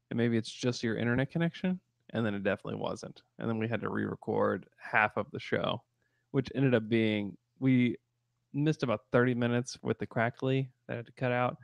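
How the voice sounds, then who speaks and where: Gravelly-voiced man telling a podcast story. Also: medium pitch, dry recording. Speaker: podcast co-host. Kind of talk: casual sports podcast chat.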